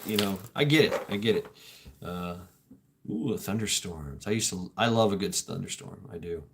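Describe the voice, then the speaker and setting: A man with a lowish voice, recorded with a slight hiss or hum, runs a casual livestream and reads chat comments. He wanders through his thoughts reflectively, repeating words, laughing, joking and cursing casually.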